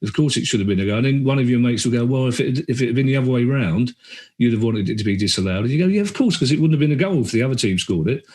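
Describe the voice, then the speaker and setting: A middle-aged man chats as a podcast guest. He is animated and tells stories with quick asides. He often acts out the voices of the people he quotes. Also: medium pitch. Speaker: podcast guest, comedian and author. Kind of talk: casual chat.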